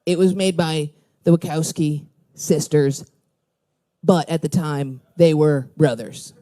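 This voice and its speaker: A woman's voice: deep voice, steady tone, slow pace, far from the mic. A woman stand-up comedian doing brash, profane crowd work in a comedy club. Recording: roomy live club recording with loud crowd.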